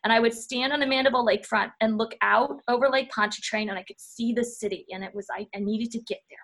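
A woman, a historian talking through her path in a relaxed interview, pausing and restarting as she thinks. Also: on the high side. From Louisiana. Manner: thoughtful, frequent restarts and fillers. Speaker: historian guest. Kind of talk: casual interview talk.

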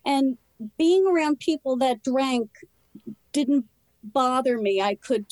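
A woman speaks candidly about her own past with a guest's earnest openness. Her voice sits on the higher side, and the phrases come short and halting. The sound is close and dry, with no room around it. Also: lively intonation, darkish tone, no room sound, low-quality recording. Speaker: interview guest. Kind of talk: personal recovery story in conversation.

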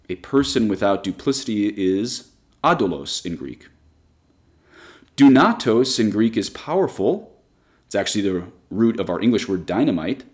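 A man teaching a Catholic Bible study, explaining word meanings with enthusiasm and slowing down to spell out Greek terms. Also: fairly low pitch, a little mellow.

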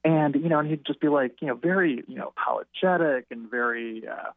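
A man's voice: on the high side, no room sound. Man telling a story down a phone line. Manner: halting, self-correcting. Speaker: interview guest, writer. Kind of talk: rambling anecdotal storytelling. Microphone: telephone.

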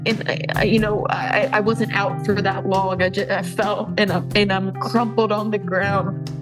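A woman telling her own story of a painful relationship, halting and emotional, with frequent restarts. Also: medium pitch, flat delivery, music in the background, low-quality recording. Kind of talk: personal testimony.

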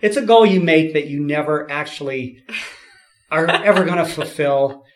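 A man from California, a podcast guest, telling his story in a lively way, laughing often and acting out what people said. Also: fairly high pitch, moderate pace. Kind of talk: storytelling in an interview.

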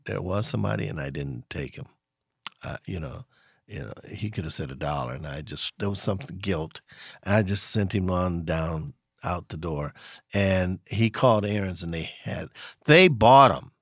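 A man's voice: deep voice, normal speed, no room sound, studio quality. A man who runs a record store, telling stories in a rambling casual chat with many restarts and chuckles. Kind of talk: casual storytelling in conversation.

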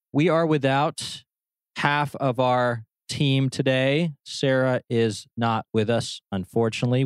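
A man hosting a podcast, friendly and a little halting as he introduces his guest. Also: mid-range voice, clean tone, no echo. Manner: friendly, slightly halting with fillers and restarts. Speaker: podcast host.

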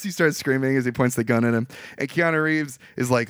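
This is a young man on a podcast, recapping a film with lots of energy. His pitch swings widely as he acts out scenes and laughs along the way. The sound is dry and close. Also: brisk, smooth, no echo. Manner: animated, acts out movie lines, laughs often. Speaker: podcast co-host. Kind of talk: casual movie recap chat.

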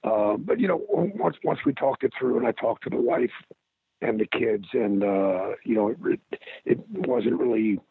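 Hoarse gravelly man on a phone line. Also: medium pitch, lively intonation, no room sound. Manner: halting, many restarts. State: strained, hoarse voice. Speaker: podcast guest, actor. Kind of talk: casual interview.

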